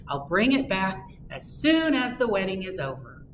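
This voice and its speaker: A woman voicing a frantic, lost man running late for his own wedding, yelling in a shrill panic. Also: very animated, moderate pace, background noise, lightly acted. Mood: relieved.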